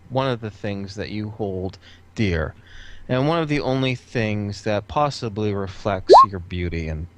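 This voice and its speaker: A man voicing a careful, watchful courtier who speaks slowly and formally. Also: fairly low pitch, fairly bright tone. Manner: slow, formal and deliberate.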